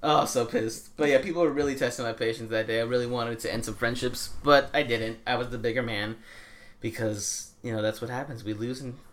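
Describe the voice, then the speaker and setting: A young man co-hosting a podcast, telling stories in a lively, casual way with offhand swearing. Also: mid-range voice, fairly quick. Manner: animated storytelling, swearing casually. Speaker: podcast co-host. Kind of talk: casual chat.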